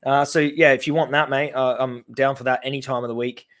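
A man in his thirties with an Australian accent, reacting to his own TV debate with animated, sarcastic commentary. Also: medium pitch, a little fast. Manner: animated, sarcastic, laughing in disbelief.

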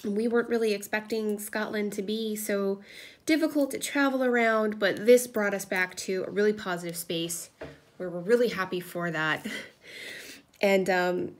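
A woman's voice: medium pitch, steady tone, normal speed. A woman in her thirties chatting casually with lots of fillers as she tells stories during a crafting vlog at home. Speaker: crafting vlogger. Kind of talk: casual chat while crafting. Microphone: camera propped on a table.

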